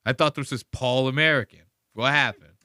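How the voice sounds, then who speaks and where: A podcast host delivers a profane, mocking rant about a clip he is playing. His voice is bright and forceful. The sound is dry and close, with little room in it. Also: mid-range voice, fairly quick, clean tone, dry recording. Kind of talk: casual commentary on a played clip.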